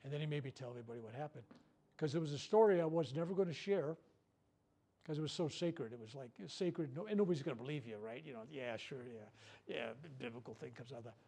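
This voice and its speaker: Older guy telling a story to a group, kinda high voice but soft and warm, acts out all the quotes. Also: quick pace. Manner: animated storyteller, acts out quotes, repeats words. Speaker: workshop speaker. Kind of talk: storytelling talk to a live group.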